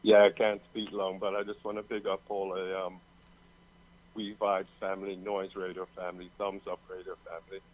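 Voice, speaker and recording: A man's voice: sits low, completely flat delivery, normal speed. A man calling in briefly to a radio show, friendly and a little hesitant. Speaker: caller. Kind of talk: casual radio chat. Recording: dull lo-fi line with faint noise.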